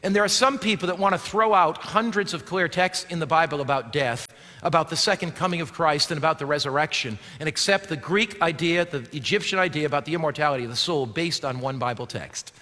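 A man preaching a sermon as pastor, swinging from emphatic shouts to low, quiet passages. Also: brisk, long reverb tail.

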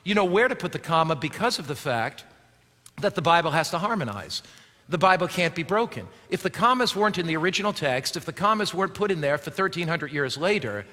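High, bright-voiced preaching pastor, reverberant hall. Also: male voice. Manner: preaching, rising to forceful exclamations then dropping to quiet asides. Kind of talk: sermon.

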